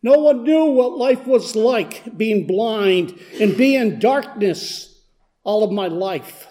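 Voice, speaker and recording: A high-voiced man tells a story in the first person, as a poor blind beggar. His delivery is earnest and unhurried, and it steadily gathers intensity. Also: expressive, mellow. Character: blind beggar man, humble then desperate. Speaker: dramatic storyteller. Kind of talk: first-person dramatic monologue.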